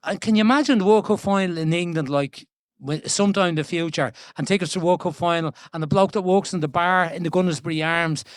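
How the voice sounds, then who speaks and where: An older Irish man from Dublin, in his seventies, spins stories with lively, restless energy and a voice set higher than most men's. The sound is close and dry, with almost no room around it. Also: quick pace, no echo. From Ireland. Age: 70s. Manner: chatty, animated storyteller with frequent restarts and laughs. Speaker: guest being interviewed. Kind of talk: storytelling conversation. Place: event stage before an audience.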